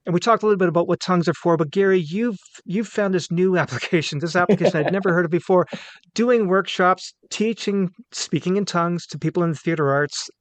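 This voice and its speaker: A man's voice: high-pitched, fast talker, dry recording. A man hosting a podcast interview and asking a guest questions with curious interest. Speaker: podcast host. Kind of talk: casual interview.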